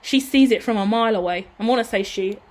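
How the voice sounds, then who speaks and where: A woman's voice: medium pitch, fast. A woman reading tarot cards aloud in a loose, chatty monologue. She talks with open emotion and gushing intensity, and swears casually along the way. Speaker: tarot reader.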